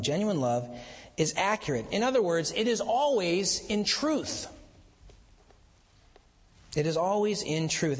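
A man preaching a sermon as pastor, mixing chatty asides with slow, emphatic lines. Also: high voice, big-room sound.

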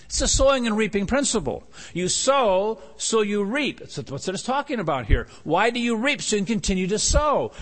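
A man preaching a sermon as pastor. He is emphatic, repeats key phrases and asks rhetorical questions. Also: high-pitched. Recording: long hall reverb.

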